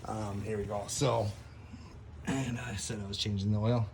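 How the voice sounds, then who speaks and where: A man's voice: on the low side, steady tone, normal speed, gravelly, noisy background. A man casually walking through a repair how-to, rambling with lots of ums and laughing at his own crude jokes, recorded on a camera mic beside a van. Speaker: DIY car repair video host.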